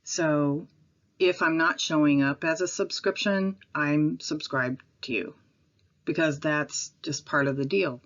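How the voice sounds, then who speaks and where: A woman with a Midwestern accent talks casually into her camera at home. Her voice sits low, and she rambles a little, with pauses and apologies. The recording is dull and lo-fi. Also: fairly even intonation. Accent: Midwestern American. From Midwestern United States. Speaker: vlogger.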